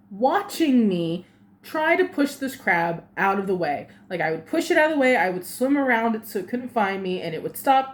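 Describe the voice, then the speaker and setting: Animated woman telling a funny story. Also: a little high. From lives in Japan. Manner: animated, laughing often, acts out voices. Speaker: vlogger. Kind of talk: casual storytelling.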